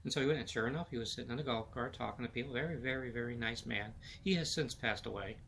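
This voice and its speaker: A man's voice: medium pitch, fast, creaky, a bit bright, a little hiss or hum. Rambling man hosting a sports podcast. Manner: rambling, filler-heavy, repeats words. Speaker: podcast host. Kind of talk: casual solo sports chat.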